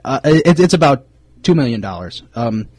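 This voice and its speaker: A man's voice: mid-range voice, moderate pace, slightly rough, dry recording. A man co-hosting a sports podcast, chatting casually with many fillers as he runs through player news. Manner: relaxed, many fillers, reads off player signings. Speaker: podcast co-host.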